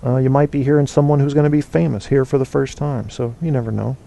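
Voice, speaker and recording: A man's voice: mid-range voice, fairly even intonation, quick pace, gravelly, dark tone. A man hosting a casual call-in show, rambling and opinionated with plenty of fillers and restarts. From United States. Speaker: podcast host.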